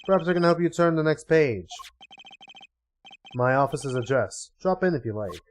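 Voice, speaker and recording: A man voicing a jaded, calm veteran male attorney while reading game text aloud, speaking low, quiet and dry. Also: normal speed, slight background noise, close to an everyday voice. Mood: weary.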